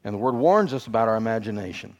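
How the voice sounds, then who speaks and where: A man preaching a sermon as pastor, shifting from quiet, slow teaching to loud, quick, humorous asides. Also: on the low side, animated, lo-fi sound. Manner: dynamic preaching, swings from soft to loud and fast.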